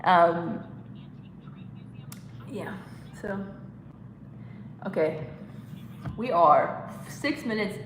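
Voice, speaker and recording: A woman's voice: on the low side, expressive, extremely slow, long pauses, reverberant, long reverb tail, a little hiss or hum, low-quality recording. A woman hosting a casual live stream, rambling, giggling and reading chat comments aloud. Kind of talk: casual watch-along chat.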